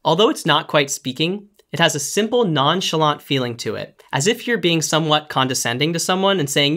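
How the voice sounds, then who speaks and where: A vocal coach giving calm, clear, step-by-step instructions in a scripted singing lesson. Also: medium pitch, a little fast, few pauses, soft background music.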